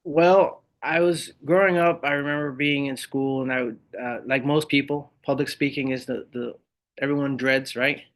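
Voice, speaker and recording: A middle-aged man, a Marine veteran and speaker, telling his stories in an animated, conversational way as a podcast guest. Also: mid-range voice, moderate pace. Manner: animated storyteller who acts out the voices of others. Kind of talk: conversational interview storytelling.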